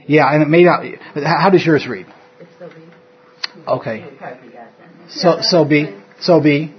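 A man's voice: on the high side, slow pace. A man teaching an informal Bible study, rambling and correcting himself as he goes, with an occasional chuckle. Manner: rambling, self-interrupting, chuckles often. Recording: dull lo-fi room recording.

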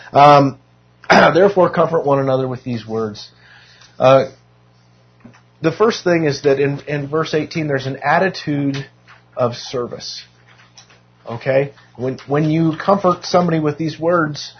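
A hoarse man teaching a casual Bible class, with joking self-deprecating asides and frequent restarts. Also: mid-range voice, a little hiss or hum. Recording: dull lo-fi room recording.

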